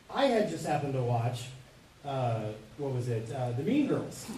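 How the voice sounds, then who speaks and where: A male voice actor telling an animated, laughing story on a convention panel. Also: medium pitch, normal speed, slight background noise. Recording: echoey hall, distant mic.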